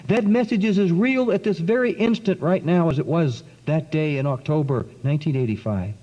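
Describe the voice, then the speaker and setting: A man giving an earnest, dramatic spoken testimony to an audience, with long pauses and sudden swings in pitch. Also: warm tone. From South Carolina. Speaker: speaker giving a testimony talk. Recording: dull lo-fi 1990s recording in a long-echo hall.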